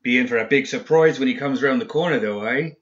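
A man's voice: medium pitch, very animated, brisk, close to an everyday voice. A man voicing an unhinged killer who talks in a wheedling, gleeful, conspiratorial way. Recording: dull lo-fi audio.

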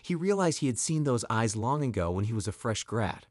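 Brief: male storytime narrator, animated pitch, dramatic and expressive, dry recording. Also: brisk, no room sound.

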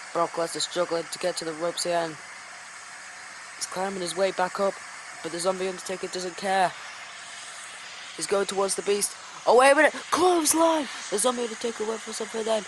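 A woman giving excitable play-by-play wrestling commentary, bursting into exclamations. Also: lowish voice, a little fast, pauses often, noisy background. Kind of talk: play-by-play wrestling commentary over a video game.

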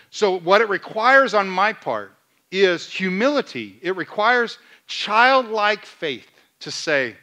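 A man preaching a sermon as pastor, asking the congregation questions and retelling scenes in lively dialogue. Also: sits high. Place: church sanctuary.

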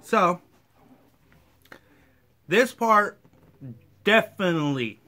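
A man's voice: fairly high pitch, slow pace, pauses often, bright, forceful tone, slight background noise. A man casually chatting on camera at home while he eats spicy food, with hiccups between his lines. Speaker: vlogger eating hot sauce.

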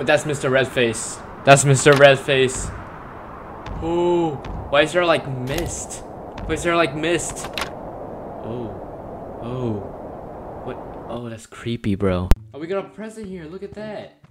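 A man doing casual horror game commentary, with jumpy, exclamatory slang. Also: mid-range voice. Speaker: gaming video creator.

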